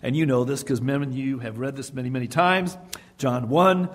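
A man's voice: mid-range voice, a little fast. A man preaching a sermon, emphatic and repeating key phrases for his congregation. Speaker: pastor. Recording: long hall reverb.

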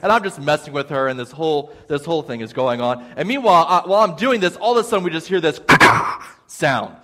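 A man preaching a sermon as a pastor, telling an animated, self-deprecating story with frequent "okay?" asides. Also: fairly high pitch, fast. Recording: long hall reverb.

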